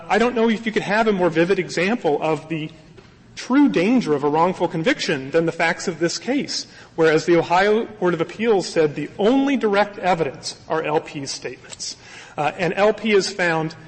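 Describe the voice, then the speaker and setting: A man argues before a high court, earnest and insistent as he presses each point. His voice sits high for a man. The archival recording carries a long, ringing reverb from a large courtroom. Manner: earnest, emphatic, persuasive. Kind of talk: formal courtroom oral argument.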